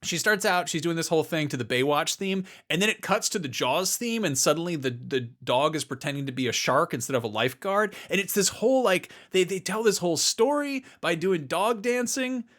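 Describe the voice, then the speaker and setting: A man's voice: on the high side, expressive, a little fast, few pauses, fairly bright tone. Rambling, profane man telling stories. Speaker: podcast co-host. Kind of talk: casual comedic chat.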